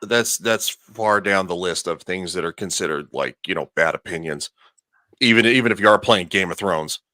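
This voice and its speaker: A man's voice: low voice, moderate pace, bright, forceful tone, no echo, clean studio sound. A man hosting a casual podcast chat, rambling and ranting with frequent restarts. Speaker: podcast host.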